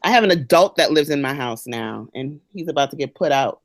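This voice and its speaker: Woman, co-host, casual chat, joking and expressive, lively pitch, dry sound. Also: brisk, no room sound. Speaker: podcast co-host.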